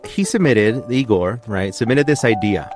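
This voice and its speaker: A man's voice: lowish voice, expressive, normal speed, over music. A man hosting a podcast, telling a mystery story in a rambling, chatty way, often correcting himself mid-sentence. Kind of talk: casual storytelling chat.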